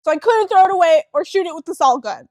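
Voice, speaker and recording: High-voiced young woman, casual podcast chat. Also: fast, no echo. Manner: animated storytelling, swears freely. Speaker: podcast co-host.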